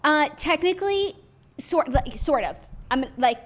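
Upbeat young woman podcast co-host, slightly high. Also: lively intonation, measured pace. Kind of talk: casual chat, presenting stories.

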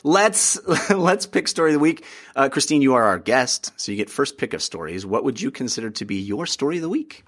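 A man hosting a podcast, upbeat and excitable, chatting casually about games with plenty of fillers. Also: mid-range voice, a little fast, few pauses. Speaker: podcast host. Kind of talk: casual chat.

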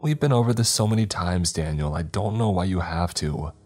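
A man's voice: low-pitched, animated, fairly quick, a little mellow, faint music behind. A man doing an anxious, pleading mother. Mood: defensive. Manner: pleading, defensive. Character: anxious middle-aged mother hiding a secret.

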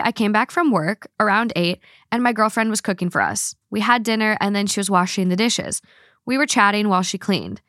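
A woman hosting a chatty podcast, blunt and quick to swear as she reads listener stories aloud. Her voice sits at an ordinary middle pitch. The sound is close and dry, with no room echo. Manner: blunt, swears freely, animated. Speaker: podcast host. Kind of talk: casual chat, reading listener stories aloud.

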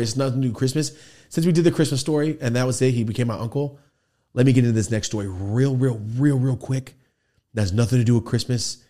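Man, low voice, casual storytelling, acts out quotes, curses freely. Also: a little mellow. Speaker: podcast host. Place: studio.

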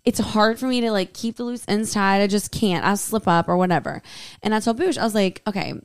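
A woman co-hosting a podcast, telling a story in an animated way with frequent laughs. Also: medium pitch, brisk, smooth, no room sound, studio quality. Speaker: podcast co-host. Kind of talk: casual chat.

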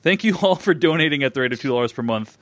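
A man's voice: mid-range voice, lively intonation, racing, fairly bright tone, no echo. A man hosting a casual film podcast, thanking donors and reading listener messages aloud. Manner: reads listener messages aloud, laughing easily. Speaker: podcast host.

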